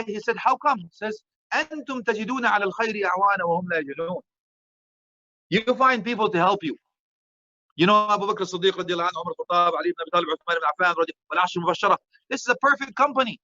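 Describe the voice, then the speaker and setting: Animated preacher. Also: male voice, high voice, no room sound, lo-fi sound. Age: middle-aged. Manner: animated, joking, mixes Arabic phrases. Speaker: Islamic preacher. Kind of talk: lively sermon.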